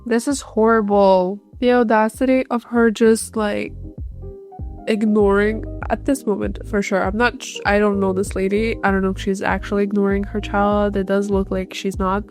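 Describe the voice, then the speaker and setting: A woman's voice: medium pitch, darkish tone. Female host, casual reaction commentary, blunt judgments, light music bed. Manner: blunt, disapproving remarks.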